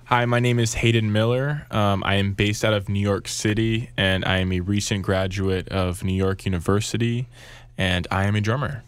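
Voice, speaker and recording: Smooth-voiced man drummer. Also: on the low side, fairly even intonation, moderate pace, no echo.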